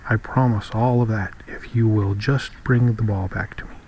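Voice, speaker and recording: A man's voice: fairly low pitch, fairly even intonation, normal speed, a little mellow, slight background noise, natural voice, low-quality recording. A spoiled young princess, read by a man. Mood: eager.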